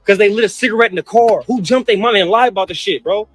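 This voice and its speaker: A man's voice: sits high, fast talker. A man ranting with heat about his mother, cursing and repeating himself, over faint music. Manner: heated, profane, repeats himself. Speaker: brother in a family feud clip. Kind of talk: emotional rant.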